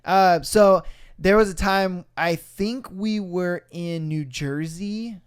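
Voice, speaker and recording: A young man hosts a podcast, his voice high, slow and smooth. He tells a story in casual, animated chat, swearing freely and acting out the voices in his quotes.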